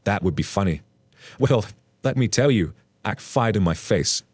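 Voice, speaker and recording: A man narrating a story aloud and then chatting casually about it, with an animated, playful storytelling manner. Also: fairly low pitch, normal speed, no room sound.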